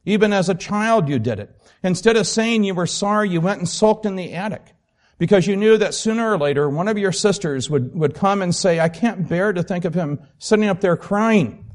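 A man voicing a calm, firm woman in heaven, reading in an earnest, measured way. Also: sits high, pitched above the performer's own voice. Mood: reproving.

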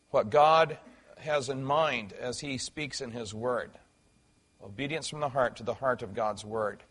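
Middle-aged male pastor, slightly higher voice, earnest, emphatic sermon delivery with small restarts. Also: fairly bright tone.

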